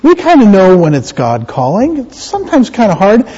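A man's voice: sits high, wildly swooping pitch, moderate pace, mellow, breathy edge, highs cut off. A man pastor giving a playful children's sermon in a church, quizzing the kids with questions.

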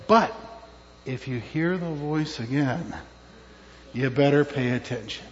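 A man's voice: fairly high pitch, normal speed, pauses often, very noisy. A man, a pastor, giving a children's sermon in a church, telling a story with questions to the kids. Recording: dull with long church reverb.

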